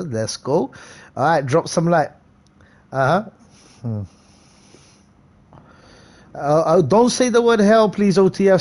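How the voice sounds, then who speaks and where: A young man live-streaming a game, chatting casually and hyping up viewers by name in quick, slangy bursts. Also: fairly high pitch, darkish tone.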